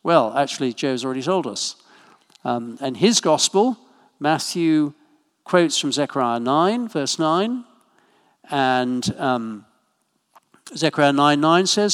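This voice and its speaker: A man preaching a sermon in a church, talking in a relaxed, conversational way with asides and small jokes. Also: a little high, normal speed. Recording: long hall reverb.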